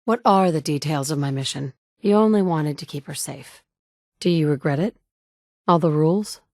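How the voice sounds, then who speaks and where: A woman's voice: low-pitched, moderate pace, a little mellow, dry recording. An actress voicing a determined adult woman survivor in a video game, speaking tersely and matter-of-factly, recorded on a close studio mic. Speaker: player character in a video game. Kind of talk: game dialogue lines.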